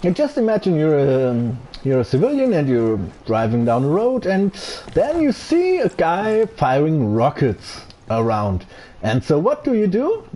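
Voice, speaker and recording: A man rants through his own gameplay and swears at almost every turn. His voice is dark and a little husky, and his pitch swings widely. He talks at an unhurried pace. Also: wildly swooping pitch. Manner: angry ranting, heavy swearing. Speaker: gaming streamer. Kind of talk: live gameplay commentary.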